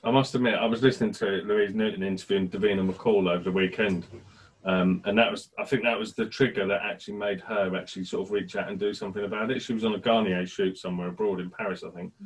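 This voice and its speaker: A man's voice: lowish voice, fairly even intonation, fast, breathy edge, low-quality recording. A man hosting a casual chat, listening supportively and asking follow-up questions. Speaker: host.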